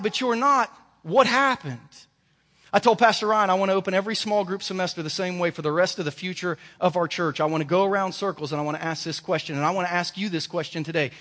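A man's voice: high-pitched, fairly bright tone. A male pastor delivering a sermon in an emphatic, storytelling way. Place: church sanctuary. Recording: reverberant church hall.

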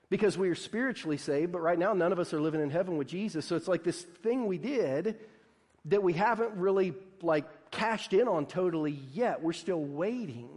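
A man delivering a sermon in a relaxed, chatty preaching style, with plenty of "like" and little acted-out quotes. His voice sits a touch high for a man. It rings out with a long reverb through a big hall. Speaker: pastor.

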